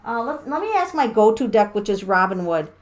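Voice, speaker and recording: A woman giving a casual tarot reading to her viewers, excitable and rambling, with laughs and the odd swear. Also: medium pitch, a little fast. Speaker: tarot reader.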